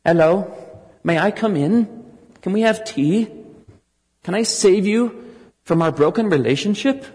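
A man's voice: high-pitched, expressive, a little slow, long pauses, a little mellow, voice pushed up. Guy doing a bad british accent, polite little country vicar, echoey hall. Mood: mock polite. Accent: put-on British.

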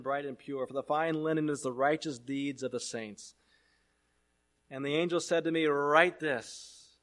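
A man preaching a sermon, reading scripture aloud and swinging between loud proclamation and hushed asides. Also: medium pitch.

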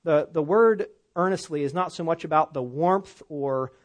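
A middle-aged pastor delivers his sermon in a voice that sits a little high for a man. He preaches in a conversational way and keeps checking in with his listeners. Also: normal speed. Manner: conversational preaching, frequent "all right?" and "right?" check-ins.

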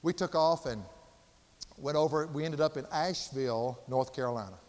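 An older man preaching a sermon with passion, swinging from loud emphasis to hushed, quiet tones. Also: a little high, normal speed, in a large hall. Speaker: pastor.

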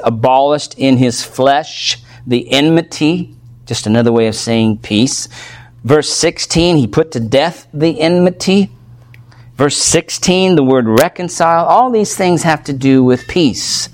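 A man preaching an expository sermon, earnest and emphatic, often pausing to check in with his listeners. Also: on the high side. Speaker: pastor.

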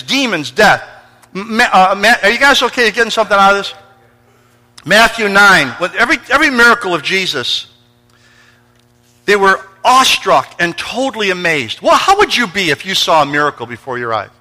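A man's voice: high-pitched, animated, moderate pace, bright, forceful tone, in a large hall. A man preaching a sermon, telling stories and acting out voices and sounds. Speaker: pastor. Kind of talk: sermon with storytelling.

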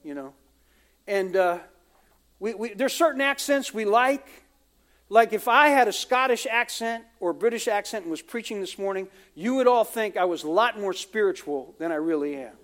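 A man's voice: high-pitched, expressive, normal speed, fairly bright tone. A man from the United States, a pastor preaching a conversational sermon full of asides and acted-out quotes.

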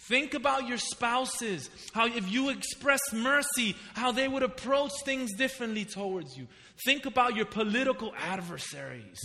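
A man preaching a sermon as a pastor, telling a personal story and asking his listeners pointed questions. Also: high-pitched. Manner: storytelling preacher, animated, asks the congregation questions. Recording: reverberant hall.

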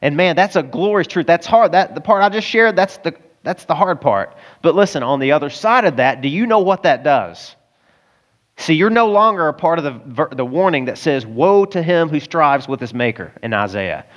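A man's voice: on the high side, animated, normal speed, muffled recording. A man with a Southern American accent preaching a sermon in a conversational, emphatic style full of rhetorical questions. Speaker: pastor.

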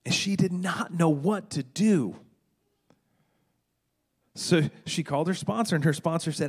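Storytelling male pastor, slightly high voice. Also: measured pace, long pauses, husky. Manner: animated, dramatic retelling with stammered restarts. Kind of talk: sermon storytelling.

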